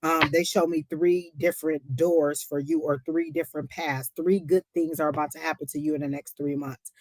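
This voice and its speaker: A woman giving a live psychic reading, emotional and close to tears, warmly encouraging the viewer and calling her honey. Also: deep voice, fairly even intonation, normal speed, a little hiss or hum. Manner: talks to the chat as y'all. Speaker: psychic reader on a live stream.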